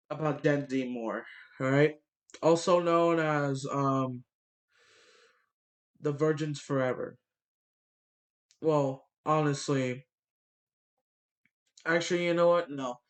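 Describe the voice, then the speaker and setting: Stuffy-nosed young man ranting slowly. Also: a little high. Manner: blunt, profane ranting with many fillers. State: stuffy nose from a cold. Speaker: vlogger. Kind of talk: ranting monologue.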